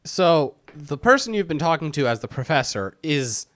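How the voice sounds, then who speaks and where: Man with a slightly high voice, storytelling. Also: very animated, moderate pace, fairly bright tone. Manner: retells the story animatedly, acting out quotes. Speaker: podcast co-host. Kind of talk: casual chat recapping a game.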